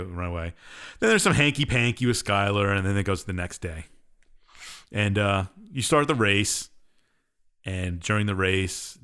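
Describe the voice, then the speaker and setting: A man's voice: sits low, a bit bright, clean tone. Casual man recapping a game plot. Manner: rambling plot recap, offhand and sarcastic. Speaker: podcast co-host. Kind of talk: casual chat.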